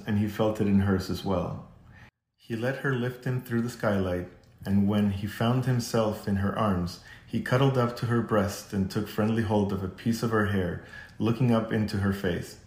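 A man narrating a children's classic as an audiobook in a steady, measured way. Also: on the low side. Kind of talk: scripted narration. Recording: echoey room.

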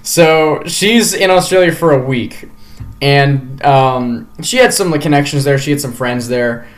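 Male podcast co-host, mid-pitched, rambling storyteller. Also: unhurried, soft background music. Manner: rambling, many fillers and restarts. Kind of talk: casual chat.

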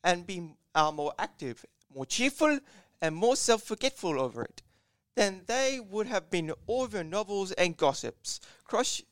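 Man doing a stuffy vintage reporter, pretentious and declamatory, smooth dry voice. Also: high voice, sing-song, a little slow, fairly bright tone, dry recording, full character voice. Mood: pompous. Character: pompous old-fashioned male newspaper reporter. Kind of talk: dramatic reading of an old quote.

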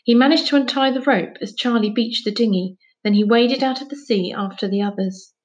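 A woman reading a children's novel aloud, narrating in a clear, steady way. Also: on the high side, fairly quick. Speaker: audiobook reader. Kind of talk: storybook narration.

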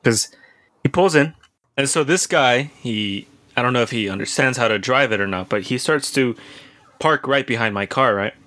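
Bright-voiced young man telling a story. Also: medium pitch, normal speed, no echo. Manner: profane, rambling, lots of restarts and filler words. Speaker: podcast co-host telling a story. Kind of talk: casual storytelling chat.

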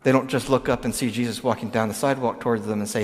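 A man's voice: mid-range voice, fairly even intonation, racing. A man giving a sermon as pastor, explaining in a conversational way with frequent restarts and asides. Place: church sanctuary. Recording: long hall reverb.

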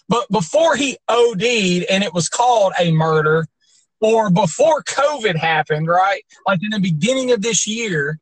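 A man's voice: sits high, a bit bright, no echo, low-quality recording. A man co-hosting a podcast, telling stories in rambling, profane casual chat with lots of fillers. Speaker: podcast co-host.

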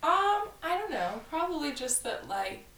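A woman's voice: high voice, big pitch swings, a little slow, pushed and bright, far from the mic. A young woman talking casually, chatty and laughing often, with lots of fillers. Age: young adult. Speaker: co-host. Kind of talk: casual chat. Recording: roomy sound, faint background noise, a little off the mic.

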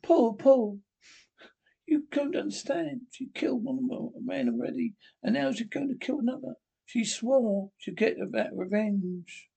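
A man's voice: high voice, steady tone, moderate pace, a little mellow. A man voicing a frightened young wife in a radio-play reading, urgent and pleading. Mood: urgent fear.

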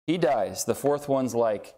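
Man preaching with animated storytelling. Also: mid-range voice, measured pace. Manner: animated storytelling, acts out quoted voices. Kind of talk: sermon.

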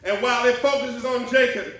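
A man preaching a sermon as pastor, with rhythmic call-and-response phrasing that rises to shouts, in a church sanctuary. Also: very high voice, fairly even intonation, a little fast. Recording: echoey church hall, mic at a distance. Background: congregation responding.

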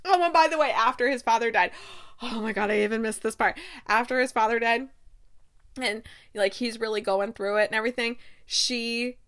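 A young woman hosting a casual TV recap, gushing and excitable as she talks. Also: on the high side, normal speed. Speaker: podcast host.

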